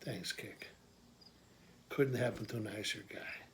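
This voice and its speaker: A man performing an improvised comic monologue as a swearing, streetwise family man, telling his story with quick asides. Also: fairly low pitch, fairly bright tone, slight background noise. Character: Pork Chop, a gruff middle-aged family man. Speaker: comedian doing an improvised monologue.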